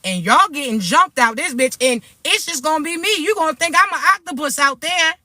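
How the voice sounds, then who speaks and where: Forceful, profane woman spiritual reader. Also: high-pitched, animated, a little fast, no echo. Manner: blunt, profane, fired-up warnings; talks hard and streetwise. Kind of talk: direct-to-camera spiritual vlog.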